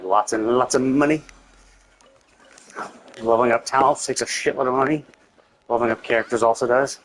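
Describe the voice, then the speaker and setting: A man's voice: mid-range voice, steady tone, brisk, slight background noise. A man streaming a video game, rambling casually and venting his annoyance with lots of swearing and filler words. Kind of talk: casual gameplay commentary.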